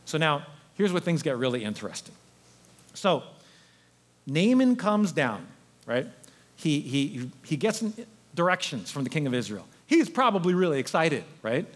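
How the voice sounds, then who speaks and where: Animated high-voiced male preacher. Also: moderate pace. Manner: animated, conversational storytelling. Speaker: pastor. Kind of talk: sermon.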